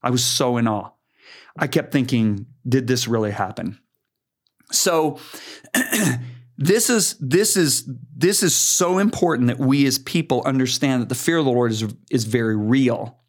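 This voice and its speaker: An older man, a preacher, earnestly telling a story in conversation, animated and emphatic. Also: medium pitch, unhurried. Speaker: guest preacher.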